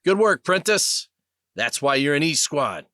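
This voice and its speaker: A man's voice: medium pitch, very animated, moderate pace, a bit bright, dry recording, studio quality, pitched above the performer's own voice. A man voicing a bold army sergeant who leads his squad with firm, raised commands in an audiobook. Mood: commanding.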